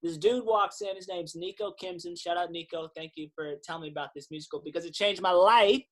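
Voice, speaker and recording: A man's voice: sits high, a little fast. A man in his thirties, a singer-songwriter guest on a podcast, telling his story casually and acting out the quotes. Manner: animated storyteller, acts out quotes, swears casually.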